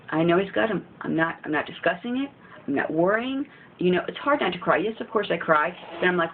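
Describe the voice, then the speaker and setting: A woman's voice: on the low side, animated, brisk, vocal fry. A woman giving informal spiritual encouragement, earnest and repetitive, often pleading. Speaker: faith video host. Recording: tinny phone-like audio with faint hiss.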